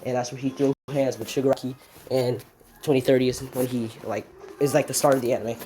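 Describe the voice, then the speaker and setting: A woman's voice: rumbling low, fairly even intonation, fairly quick, dark tone, a little hiss or hum. A woman casually improvising a fan story, rambling with restarts and swearing.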